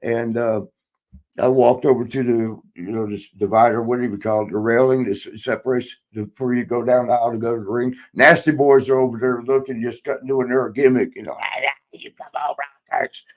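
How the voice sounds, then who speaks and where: A man's voice: mid-range voice, steady tone, fairly quick. A man in his sixties, a podcast host and former wrestler, telling road stories in a rambling, profane way, laughing often and acting out quotes. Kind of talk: casual storytelling chat.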